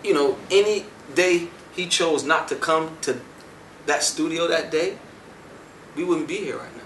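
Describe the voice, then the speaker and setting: Give me a forceful-voiced man telling his story in an interview, recorded from a distance in a reverberant room. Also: fairly high pitch, measured pace, a little hiss or hum. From United States. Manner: animated, acts out quoted dialogue. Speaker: music producer. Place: indoor entertainment venue. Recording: echoey room, mic at a distance.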